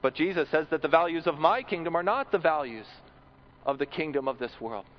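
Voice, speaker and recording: A man's voice: fairly high pitch, brisk. Male preacher, earnest sermon delivery with repeated words, muffled lo-fi recording. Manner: earnest, repeats words when building a point.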